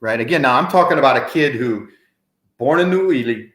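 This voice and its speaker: Storytelling man host in an echoey room. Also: medium pitch. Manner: animated storyteller, quick asides. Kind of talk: casual interview chat.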